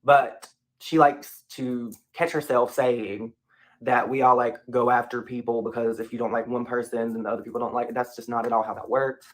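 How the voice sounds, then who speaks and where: A man's voice: mid-range voice, level tone, moderate pace. A man speaking off the cuff as a commentary YouTuber, emphatic and repeating his points. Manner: casual, emphatic, repeats himself.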